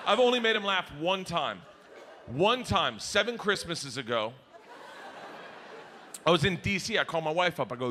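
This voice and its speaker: On a comedy club stage, a middle-aged comedian runs through his stand-up set at a normal speed, his voice on the high side and swooping all over the place. He tells loud, animated stories and yells the punchlines, with audience laughter filling the noisy live recording.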